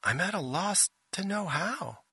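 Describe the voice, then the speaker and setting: A man's voice: sits high, very animated, measured pace, sharp tone, slightly rough, dry recording, studio quality, voice pushed up, full character voice. A man voicing an uneasy female starship mind. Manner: formal, precise and fretful.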